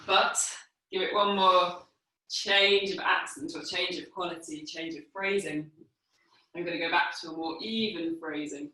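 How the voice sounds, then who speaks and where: A woman with a lowish voice leads a guided movement class, giving calm, unhurried cues while moving on the floor. She is slightly out of breath from the exercise. The room is echoey and the mic is far off, making the sound distant.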